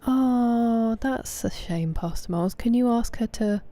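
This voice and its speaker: A woman, casually chatting with viewers on a game stream, thanking them by name and sometimes dropping to soft murmurs. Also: a little high, unhurried. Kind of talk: casual livestream chat.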